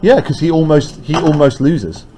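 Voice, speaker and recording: A man's voice: a little high, moderate pace, dark tone. A man teaching a class, explaining lines of a play and often checking in with "right?".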